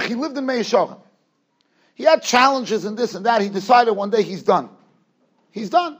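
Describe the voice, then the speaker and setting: A man giving a lecture as a rabbi, emphatic one moment and hushed the next, often repeating his phrases. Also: very high voice. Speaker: rabbi giving a Torah class. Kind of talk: yeshiva lecture. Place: yeshiva study hall.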